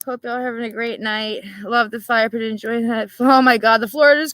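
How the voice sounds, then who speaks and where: Woman livestream host, crisp bright tone, swears freely, dry close sound. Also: on the high side, steady tone, fairly quick, no room sound, rough recording. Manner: rambling, profane and laughing. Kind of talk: casual late-night chat.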